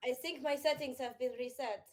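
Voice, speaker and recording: A woman's voice: high-pitched, fairly even intonation, fairly quick, darkish tone, voice pushed up, natural voice. A woman voicing a rebooted female construct in a mock Russian accent, speaking in broken, clipped phrases. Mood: dazed. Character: freshly rebooted female construct with glitchy speech.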